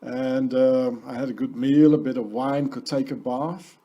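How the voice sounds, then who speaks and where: A man voicing a pragmatic woman who recalls her arranged union in a quiet, offhand, rambling way. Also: mid-range voice, little pitch movement, a little slow, muffled recording. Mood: contented.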